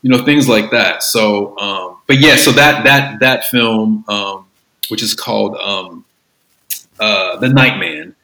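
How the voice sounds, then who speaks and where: Male creative guest: bright tone, loose rambling delivery, roomy echo. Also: lowish voice, takes it slowly. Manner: rambling, with many fillers and restarts. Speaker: filmmaker guest. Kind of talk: casual interview talk.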